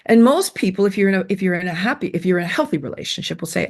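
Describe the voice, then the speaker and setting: Her pitch sits fairly low and her tone is darkish, but she's expressive and rapid-fire, barely pausing. This middle-aged woman offers earnest self-esteem advice in an interview, hammering points home, repeating phrases, and stumbling through fillers and restarts.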